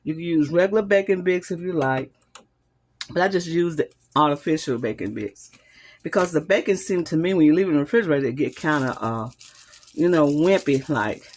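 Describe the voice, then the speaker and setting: A woman's voice: low voice, lively intonation, brisk, darkish tone. A woman hosting a home cooking video, demonstrating a recipe in a chatty, homey way and calling her viewers y'all. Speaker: home cooking channel host. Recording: noisy kitchen with clattering utensils. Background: whisking, dishes and cutlery clinks.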